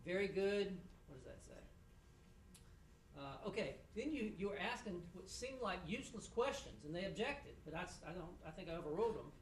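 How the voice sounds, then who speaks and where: A middle-aged man, a judge, giving halting feedback with dry humor to students after a mock trial in a courtroom. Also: sits high, animated, slight background noise. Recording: echoey room, voice from a distance.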